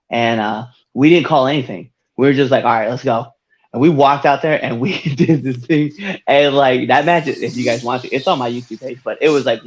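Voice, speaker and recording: A man hosting a podcast, chatting casually and laughing often as he tells wrestling stories. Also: medium pitch. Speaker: podcast host.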